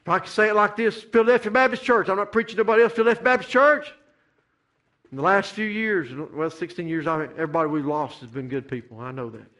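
Middle-aged male preacher, sermon cadence, high ringing voice. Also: quick pace. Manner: rising to fervent shouted climaxes, repetitive preaching cadence. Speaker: pastor.

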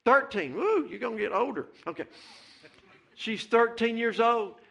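High bright-voiced preacher. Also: male voice, animated, unhurried, gravelly. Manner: fervent, repetitive, calls out "Amen" and "Hey". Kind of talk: sermon. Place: church.

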